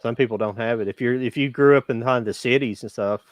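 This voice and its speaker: A man's voice: mid-range voice, fast talker, no echo. A man with a country Kentucky accent giving blunt, plain-spoken opinions in casual podcast chat about movies. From rural Kentucky.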